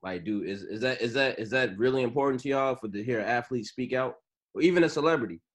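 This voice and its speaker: A man's voice: mid-range voice, fast talker. A man co-hosting a podcast, introducing a topic in a rambling, hesitant way. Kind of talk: casual chat.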